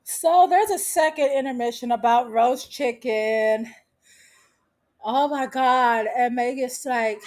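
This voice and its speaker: A woman recaps a show in a sassy, teasing vlog voice full of slang. Her voice sits high. She takes her time with her delivery. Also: takes it slowly, darkish tone. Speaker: vlogger.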